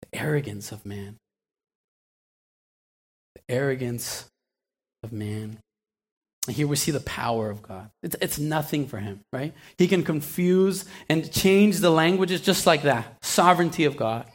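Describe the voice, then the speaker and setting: A man's voice: on the high side, expressive, measured pace, pauses often. A man preaching a sermon in a conversational way, asking the listeners questions and acting out small asides, often restarting and repeating words.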